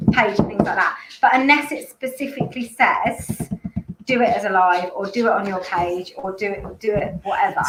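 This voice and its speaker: A woman's voice: mid-range voice, a bit bright. A woman chats through a live stream for a dog training school, wandering off on asides and restarting her sentences as she goes. Her voice carries a roomy echo, with a faint hum of ambience behind her. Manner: chatty, rambling with restarts and asides. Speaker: dog behaviour school host. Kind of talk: casual live-stream chat. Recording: echoey room with faint ambience.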